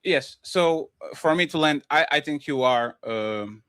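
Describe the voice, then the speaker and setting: A man's voice: fairly high pitch, animated, unhurried, a bit bright, clean tone, no echo. A man arguing against his opponent in a debate, combative and informal. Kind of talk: debate argument.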